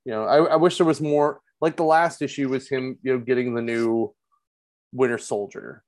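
A man's voice: medium pitch, steady tone, moderate pace, darkish tone. A man in casual conversation with a mid-range voice, talking hesitantly and often restarting his sentences. He fills gaps with words like "you know" and "like.". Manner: hesitant, filler-heavy, repeats words. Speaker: podcast co-host. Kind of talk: casual chat.

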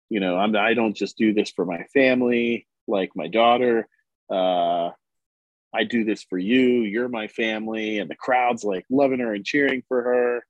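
A man with a lowish voice talks through a comic's plot in an easygoing, rambling way, stopping often for ums and uhs. The sound is close and dry, with almost no room around it. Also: dry recording, low-quality recording. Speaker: podcast co-host reviewing comics. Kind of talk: casual chat, retelling a comic's plot.

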